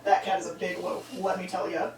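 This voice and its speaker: A man's voice: high voice, completely flat delivery, a little fast, gravelly. A young man baking at home and chatting to camera in a rambling, self-mocking way, swearing freely. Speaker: baking vlogger. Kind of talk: casual solo vlog chat while baking. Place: home kitchen. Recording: roomy, distant, noisy home recording.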